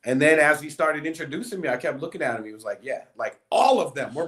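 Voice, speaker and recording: Man telling a story with animated quotes. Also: on the high side, quick pace. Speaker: guest. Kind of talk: casual storytelling chat.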